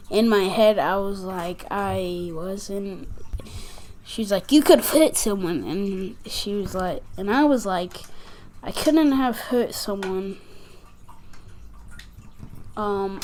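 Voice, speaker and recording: With a medium-pitched, slightly mellow voice, a little girl behind a gaming channel rambles through a school story on camera. She fills gaps with "like" and performs other people's lines, and faint background noise can be heard.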